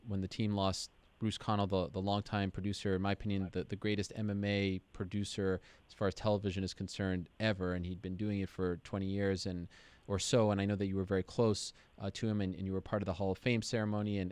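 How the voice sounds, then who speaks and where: A man's voice: fairly low pitch, clean tone, dry recording. A man hosting a talk show, interviewing a guest with effusive praise and often repeating words as he goes. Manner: warm-hearted, effusive, stumbles and repeats words. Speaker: MMA show host. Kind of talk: casual interview.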